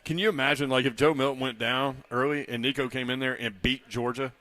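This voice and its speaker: A man's voice: medium pitch, fairly even intonation, bright, forceful tone. A man co-hosting sports talk radio, casual and conversational, reading off game stats. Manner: reads off stats, quick and conversational. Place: radio studio.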